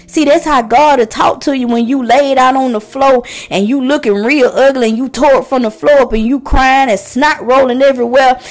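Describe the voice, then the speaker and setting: High-voiced woman preaching with fervor. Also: fairly even intonation, moderate pace, hardly any pauses. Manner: impassioned, calls out to listeners; conversational preaching with repetitions. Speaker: podcast host and preacher. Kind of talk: preaching podcast sermon.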